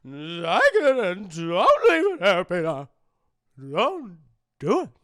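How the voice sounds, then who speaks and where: A man's voice: high voice, wildly swooping pitch, slow, a bit bright, dry recording, studio quality, pitched above the performer's own voice, full character voice. A man voicing an elderly aunt who pleads in a teary, wavering voice. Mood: tearful pleading.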